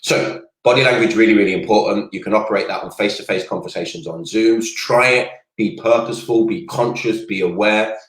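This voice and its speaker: A man's voice: fairly low pitch, a little fast, few pauses. A man coaching viewers on a casual livestream, talking energetically and drifting off on tangents. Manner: energetic, rambling, goes off on tangents. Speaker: network marketing coach. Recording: roomy echoey room sound.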